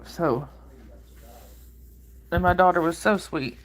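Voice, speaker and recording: A woman, hoarse from a cold, chatting casually with viewers on her livestream and greeting them by name. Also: fairly low pitch, slow. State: hoarse with a cold and sore throat. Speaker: livestream host. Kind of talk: casual live chat with viewers.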